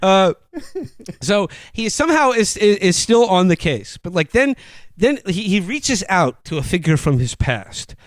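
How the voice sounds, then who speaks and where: High-voiced animated male podcast host. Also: measured pace, no room sound. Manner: animated, rambling, laughing retelling. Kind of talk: casual comedic film review chat.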